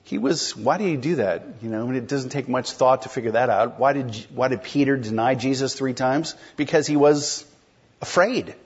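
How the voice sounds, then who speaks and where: A man's voice: mid-range voice, normal speed, husky, lo-fi sound. A man preaching an expository sermon in a conversational way, explaining a text and putting questions to the congregation. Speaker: pastor.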